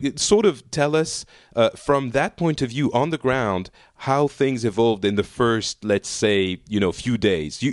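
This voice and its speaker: A man hosts a casual chat over a remote call. He chats along with plenty of fillers, restarts and self-mocking asides, in a middle-pitched voice. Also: dry recording, studio quality. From France. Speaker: podcast host.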